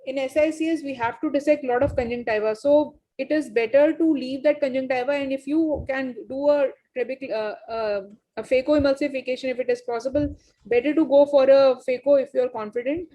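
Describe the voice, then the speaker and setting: High-voiced woman narrating surgery footage. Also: steady tone, fairly quick, mellow. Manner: explanatory, with frequent uh fillers. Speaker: surgeon presenting a surgical video.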